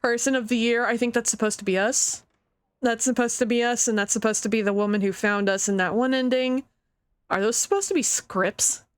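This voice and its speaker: A young woman streaming a game, chatting casually, giggling and thinking out loud. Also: a little high, steady tone, a little fast, smooth, dry recording. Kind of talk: casual let's-play commentary.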